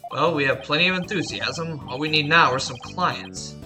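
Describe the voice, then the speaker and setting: A woman doing a laid-back male lawyer boss, lowered voice, dry and low-key. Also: moderate pace, sharp tone, soft background music.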